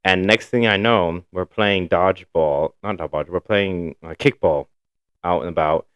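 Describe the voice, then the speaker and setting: A man's voice: deep voice, moderate pace, clean tone, dry recording, dull audio. A man from Ohio, co-hosting a podcast and telling stories casually, swearing freely. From Ohio, USA. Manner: loose storytelling, swears freely. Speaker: podcast co-host. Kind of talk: casual chat.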